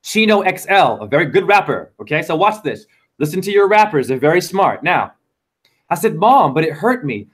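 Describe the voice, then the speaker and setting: A man in his forties talks casually as a guest, his voice sitting high and moving a lot. He tells his stories with animation and slips into the voices of the people in them. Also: a little fast. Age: 40s. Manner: animated storytelling, acting out voices of others. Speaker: guest teacher. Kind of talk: casual conversation.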